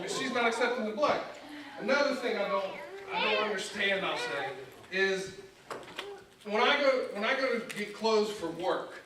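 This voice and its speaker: A man's voice: sits high, noisy background. A young man doing stand-up in a church, telling self-mocking family stories and acting out the dialogue. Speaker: guest comedian. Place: church sanctuary. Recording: echoey church hall from far off.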